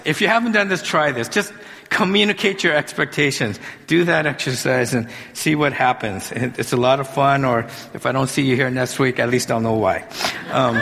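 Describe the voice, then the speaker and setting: A male pastor preaching a sermon in a conversational, animated way, with humorous asides. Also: on the high side, creaky. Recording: long hall reverb.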